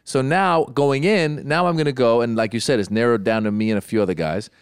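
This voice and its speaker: A middle-aged man chatting casually, telling long stories. His voice is smooth and resonant. He often stops and restarts his sentences, and the sound is dry and close. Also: medium pitch, brisk, dry recording. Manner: rambling storyteller, many restarts. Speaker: podcast co-host. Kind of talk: casual chat.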